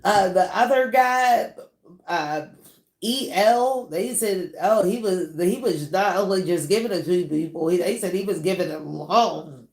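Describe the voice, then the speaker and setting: The host of a celebrity gossip channel, lowish-voiced with a lilt, chats loosely and animatedly about stars, laughing frequently. Her drawn-out words come at an unhurried pace, echoing in a noticeably reverberant room.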